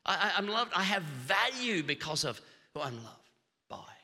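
Bright-voiced Australian preacher, hall echo. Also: male voice, high-pitched. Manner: animated humorous storytelling with quick restarts. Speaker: pastor. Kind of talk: sermon. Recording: long hall reverb.

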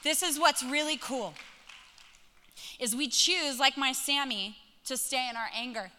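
A woman in her thirties delivers a sermon with a high, piercingly bright voice. She tells stories in an animated way and acts out every bit of dialogue. Her words ring out with the long reverb of a big hall. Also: unhurried. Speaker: pastor. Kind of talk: sermon with personal story.

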